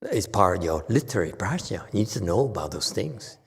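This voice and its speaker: A man's voice: low-pitched, big pitch swings, brisk, creaky, husky. A man giving a casual Buddhist dharma talk as teacher, chatty and teasing, laughing often. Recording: reverberant hall.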